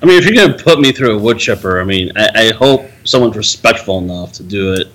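A man co-hosting a podcast in casual chat, halting and heavy on fillers. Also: on the low side, animated, fairly bright tone, low-quality recording. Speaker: podcast co-host.

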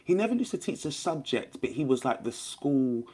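A man's voice: medium pitch, big pitch swings, moderate pace, warm tone. A young man, co-hosting a podcast in rambling casual chat. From London. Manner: rambling, chatty, full of fillers. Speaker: podcast co-host.

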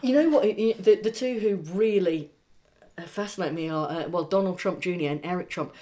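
A woman co-hosting a casual comedy podcast, animated and joking, with quick asides. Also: lowish voice, a crowd in the background. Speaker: podcast co-host.

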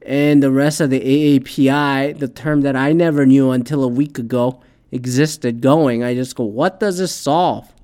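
A man hosting his own show, delivering a heated, profanity-laden opinion rant that swings between loud outbursts and quieter asides. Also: medium pitch, flat delivery, moderate pace, clean tone. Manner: heated, swears constantly, shifts loud and soft. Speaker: podcast host.

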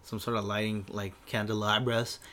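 A man from the United States co-hosting a casual podcast, talking about work with halting restarts. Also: fairly low pitch, level tone, a bit bright. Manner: hesitant, halting ranting. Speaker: podcast co-host. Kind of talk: casual chat.

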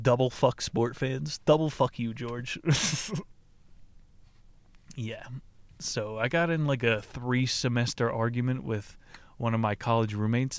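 A man hosting a podcast, reading a book aloud in a deadpan way and breaking off into laughing, profane asides. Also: mid-range voice, no echo. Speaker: podcast host.

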